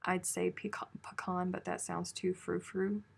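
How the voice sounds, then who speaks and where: A woman's voice: on the low side, little pitch movement, moderate pace, vocal fry, breathy edge. A woman hosting a crochet live stream, chatting casually and teasing as she reads viewer comments aloud.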